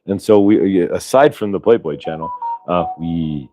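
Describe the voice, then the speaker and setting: A man's voice: low voice, moderate pace, dark tone, soft background music. A male show host from Ohio chatting casually, rambling through tangents with frequent restarts. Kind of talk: casual chat.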